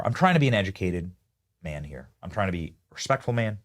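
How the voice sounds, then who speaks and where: A man's voice: low voice, sing-song, fast. A man hosting a live political commentary show, riffing animatedly and talking to his producers and chat.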